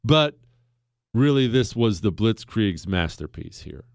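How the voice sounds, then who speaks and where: A man's voice: fairly low pitch, lively intonation, measured pace, dry recording, clean studio sound. A man hosting a podcast, telling history in a casual, jokey way and acting out quotes in silly voices. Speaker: podcast host.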